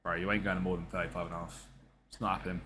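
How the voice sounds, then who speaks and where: A man's voice: sits low, little pitch movement, racing, sharp tone, a little hiss or hum. A man giving casual, slangy gameplay commentary and talking back to the characters on screen. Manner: chatty, slangy, talks to the game characters. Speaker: gaming streamer.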